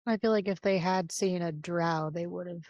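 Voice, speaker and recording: A woman's voice: lowish voice, steady tone, moderate pace, darkish tone, no room sound, highs cut off. A woman playing in a casual tabletop game, often laughing as she talks. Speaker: player.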